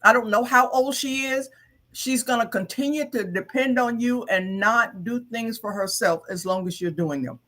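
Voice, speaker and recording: A co-host on an advice show, giving earnest, halting counsel with frequent restarts and fillers. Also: mid-range voice, fairly bright tone. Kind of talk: counseling talk.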